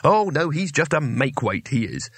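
A man voicing a timid, anxious young male wizard with a squeaky way of talking. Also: very animated, normal speed, fairly bright tone, breathy edge, no room sound, exaggerated voice. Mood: self-pitying.

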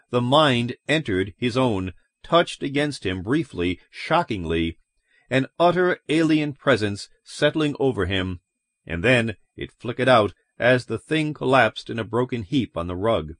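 A man reading a suspenseful story aloud as audiobook narrator, in a grave, even storytelling manner. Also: mid-range voice, measured pace, no echo, studio quality. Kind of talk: scripted narration.

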